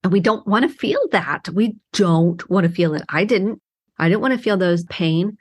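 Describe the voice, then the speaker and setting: Earnest, low-voiced woman therapist podcaster. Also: moderate pace, husky. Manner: earnest, heartfelt, emphatic in bursts. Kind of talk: reflective solo podcast monologue.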